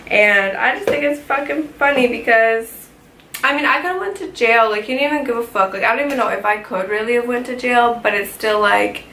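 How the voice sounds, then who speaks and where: A young woman telling a story in a casual vlog, animated, swearing often and filling with "like". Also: fairly high pitch. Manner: animated, heavy swearing, lots of "like". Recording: echoey room with faint ambient noise.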